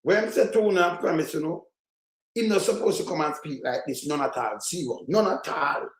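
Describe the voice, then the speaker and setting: Jamaican Patois male commentator, high voice, furious, swearing, echoey room. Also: a little fast. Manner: heated, profane, scolding rant. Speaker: political commentator. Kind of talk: reaction commentary on played clips.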